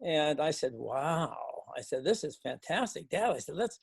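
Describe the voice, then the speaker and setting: Older folksy farmer telling a story. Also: male voice, on the high side, gravelly, husky, dry recording. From Montana, USA. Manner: folksy, halting, many restarts and fillers. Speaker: guest speaker, organic farmer. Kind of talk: storytelling talk.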